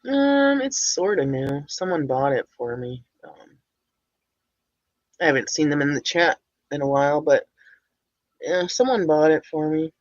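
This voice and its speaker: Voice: medium pitch, lively intonation, measured pace, pauses often, no room sound, muffled recording. A streamer giving casual, rambling reaction commentary, blunt and swearing often.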